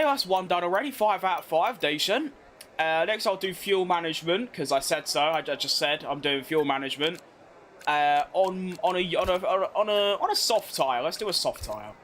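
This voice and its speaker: A young man with a high-pitched voice chats through his racing game session, teasing himself and restarting sentences as he goes. Engine and game noise run loudly under his voice. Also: animated, moderate pace. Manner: chatty, self-mocking, restarts often. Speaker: gaming video creator. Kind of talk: casual commentary over gameplay.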